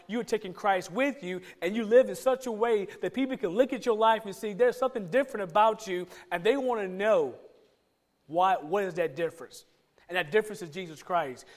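High-voiced pastor preaching casually. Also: male voice. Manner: asks many rhetorical questions; informal, joking with the congregation. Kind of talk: conversational sermon.

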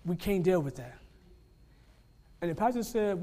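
Male preacher, high voice, dynamic delivery that drops soft then builds loud, acts out quoted speakers. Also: lively intonation, measured pace, long pauses. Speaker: pastor. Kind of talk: sermon.

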